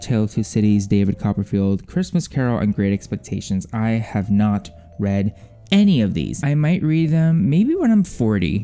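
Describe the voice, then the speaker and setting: A young man chatting casually in a vlog, swearing freely, with quick asides and acted-out quotes. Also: on the low side, mellow. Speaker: vlogger. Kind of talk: casual shelf-tour vlog.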